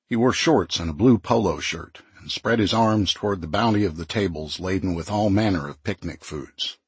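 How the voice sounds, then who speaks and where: A man narrating a first-person audiobook in a measured, even storytelling manner. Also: lowish voice, husky, no echo.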